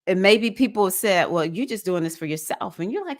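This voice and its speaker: A woman, hosting a spiritual livestream circle, chatting with viewers and breaking into sudden high whoops. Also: expressive, normal speed, hardly any pauses. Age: 50s.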